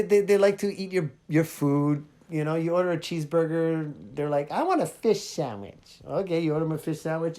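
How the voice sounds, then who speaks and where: A man hosting a podcast, telling a funny story in a casual, animated way and acting out both sides of a conversation. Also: on the high side. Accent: Hawaiian. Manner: animated, jumps between loud and quiet, acts out dialogue. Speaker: podcast host.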